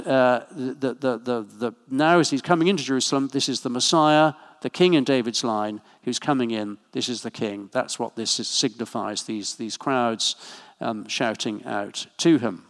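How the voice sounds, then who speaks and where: A man preaches in a church at a medium pitch, keeping his sermon conversational with friendly asides and small jokes. His voice carries a long reverb from the hall around him.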